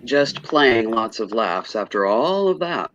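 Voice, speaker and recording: A man's voice: mid-range voice, big pitch swings, measured pace, a bit bright, highs cut off. A man joining a casual video chat, teasing and joking. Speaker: chat regular.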